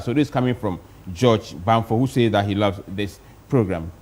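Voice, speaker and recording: A man's voice: fairly low pitch, normal speed, hardly any pauses, darkish tone. A man hosting a sports talk show and reading out listener messages. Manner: brief interjections, reads messages aloud.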